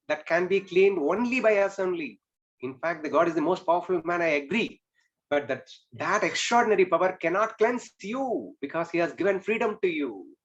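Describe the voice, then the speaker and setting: A man delivers a spiritual talk in a fairly high voice. He explains earnestly and keeps posing rhetorical questions. The recording sounds dull and lo-fi. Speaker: spiritual teacher. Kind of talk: spiritual discourse.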